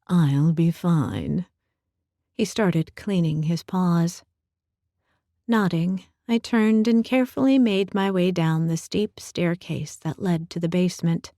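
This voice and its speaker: A woman narrating a first-person audiobook in a calm, measured, intimate way, close to the mic. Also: on the low side, dry recording.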